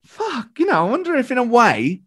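His voice is very high and he talks fast: a British comedian guest telling an anecdote in casual chat. The storytelling is animated, with acted-out quotes and lots of swearing.

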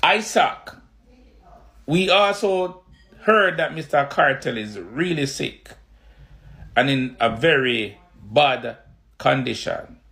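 A man with a Jamaican accent, asking questions in slow, drawn-out commentary. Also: mid-range voice, lively intonation, creaky, sharp tone. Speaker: vlogger being reacted to.

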